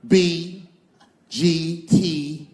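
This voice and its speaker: A man doing stand-up comedy, swaggering and swinging between loud and soft for his punchlines. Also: a little high, fairly even intonation, extremely slow.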